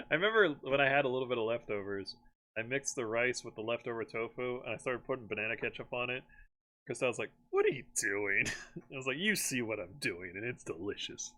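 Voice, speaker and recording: A man's voice: medium pitch, fairly quick. Chatty man rambling with frequent laughs. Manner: rambling, laughs often, animated when excited. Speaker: streamer host. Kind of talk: casual chat.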